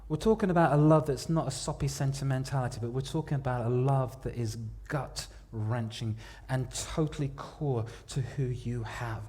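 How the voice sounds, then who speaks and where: A church sermon comes from a man with a mid-range voice who talks at normal speed and barely pauses. His storytelling is dramatic, shifting from soft to loud, with repeated words for emphasis.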